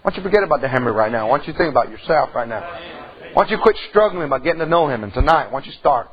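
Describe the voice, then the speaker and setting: A middle-aged man, preaching a folksy sermon that swings between loud outbursts and hushed tones. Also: mid-range voice, animated, racing, dull audio. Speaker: pastor.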